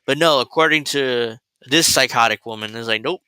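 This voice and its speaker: A man's voice: mid-range voice, moderate pace, bright, forceful tone, clear, resonant tone, no room sound, low-quality recording. A man hosting a political commentary livestream, rambling and sarcastic, full of fillers and restarts. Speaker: host.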